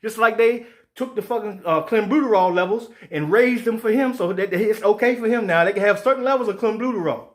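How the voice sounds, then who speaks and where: A fired-up man rants about boxing, swearing freely. His voice sits high for a man. He keeps slipping into mocking put-on voices for the people he quotes. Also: fairly quick. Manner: profane, animated, acts out quoted voices. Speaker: sports show host. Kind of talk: heated boxing commentary rant.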